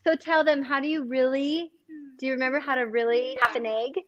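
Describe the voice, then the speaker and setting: A woman cookbook author talks casually at a launch event. Her voice sits high, and she laughs easily and pokes fun at herself. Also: steady tone, normal speed, muffled recording. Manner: laughs often, bubbly and self-teasing. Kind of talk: casual chat during a book launch.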